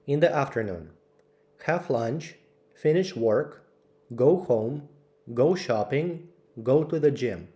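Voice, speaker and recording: A man slowly reading out English vocabulary lists for learners, word by word with clear pauses. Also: mid-range voice, animated, mellow, lo-fi sound. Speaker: English teacher. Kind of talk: slow vocabulary drill.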